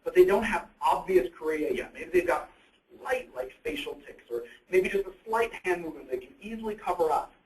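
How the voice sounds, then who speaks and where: A man gives a relaxed, conversational presentation, posing questions to his listeners and answering them himself. His voice sits a little high. The sound carries the echo of a roomy hall. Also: brisk. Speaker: presenter on psychiatric issues. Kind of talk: educational presentation. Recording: echoey room.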